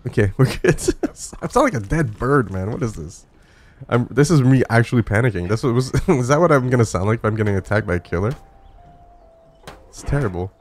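A man's voice: medium pitch, lively intonation, brisk, a little mellow, a little hiss or hum. A man streaming a climbing game live, talking to chat in a frantic, swearing way and laughing at himself. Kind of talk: live gameplay commentary. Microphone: studio dynamic microphone.

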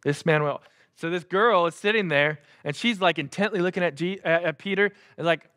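A man's voice: high voice, fairly quick, fairly bright tone, smooth. A man preaching a sermon in a casual, conversational way, acting out the quotes. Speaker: pastor. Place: church.

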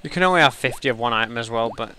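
A man giving chatty let's play commentary as he plays, thinking aloud and getting easily excited. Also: mid-range voice, very fast. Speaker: gamer.

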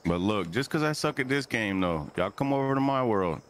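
A man's voice: medium pitch, animated, a little fast, slight background noise. A man chatting casually on a livestream, loose, profane and joking. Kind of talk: casual chat.

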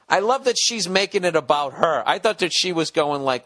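A man's voice: fairly high pitch, a little fast, hardly any pauses, fairly bright tone. A man hosting a comedy podcast, rambling through a listener email with profane, sardonic asides. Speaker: podcast host. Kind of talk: comedic solo podcast rant.

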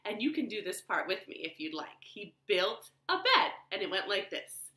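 A woman librarian telling a children's story at home in an expressive, animated way. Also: medium pitch, moderate pace. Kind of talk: storytime read-aloud. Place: living room. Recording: roomy living room echo.

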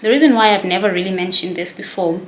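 A woman's voice: medium pitch, fast talker, slight background noise. Casual vlogger, woman, 20s, mid-range voice, self-conscious rambling delivery, echoey room. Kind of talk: casual vlog chat to camera.

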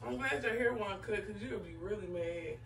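A woman's voice: mid-range voice, moderate pace, fairly bright tone, echoey room, recorded from a distance, a little hiss or hum. A woman filming a playful prank vlog on a handheld phone. She teases and laughs a lot, and her speech has features. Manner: playful, teasing, laughing often. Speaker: vlogger. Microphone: phone held in hand.

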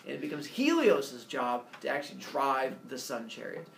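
A man teaching a class, retelling a myth in a lively, joking way and putting questions to the students. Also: medium pitch, normal speed, gravelly. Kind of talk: classroom storytelling lecture. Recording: roomy, distant classroom sound with faint noise.

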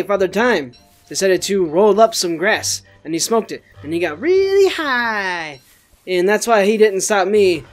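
A gaming channel host giving casual let's-play commentary, goofy and rambling, swearing often. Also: mid-range voice.

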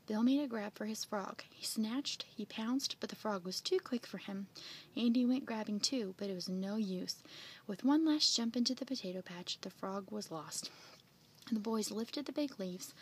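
Brief: woman narrator, storybook read-aloud, mid-pitched, gentle and expressive. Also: slightly rough. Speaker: storybook reader. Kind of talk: reading a children's picture book aloud.

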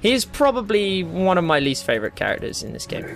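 A man's voice: high-pitched, fast talker, noisy background. A young man giving live gameplay commentary, ranting and swearing as he plays. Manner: ranting, swears a lot, excitable. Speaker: gamer.

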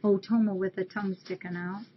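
A woman chats casually on a webcam stream, reading holiday cards aloud and thanking viewers one by one. The audio is dull and lo-fi. Faint background noise sits under her mid-pitched voice. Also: level tone, a little fast. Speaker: shelter webcam host.

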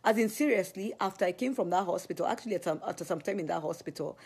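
A woman with a Kenyan accent, chatting on a live stream, very expressive and gasping as she tells stories. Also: on the low side, fast, husky. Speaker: ministry leader. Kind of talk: casual live-stream chat.

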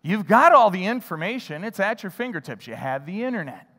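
High voiced pastor telling a story in church, lots of echo, acts out what he was thinking. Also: fairly quick. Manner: animated storytelling, acting out his own thoughts. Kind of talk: sermon storytelling. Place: church sanctuary.

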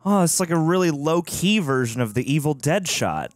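A man's voice: a little high, very animated, moderate pace, soft background music. A young man co-hosting a movie reaction show, bantering playfully. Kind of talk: casual joking chat.

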